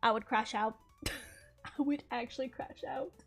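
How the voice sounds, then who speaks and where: A young woman chats on her stream as she plays, her voice sitting high. She tells her stories with animated, giggly energy. Faint game music runs quietly underneath. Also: measured pace, vocal fry, husky. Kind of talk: casual chat while gaming.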